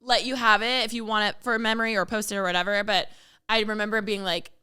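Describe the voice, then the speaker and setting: Young woman cohost, bright crisp voice, easygoing chat, trails off, laughs a lot. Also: mid-range voice, flat delivery, fast. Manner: agreeable, trails off, laughs easily. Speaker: podcast co-host. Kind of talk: casual chat.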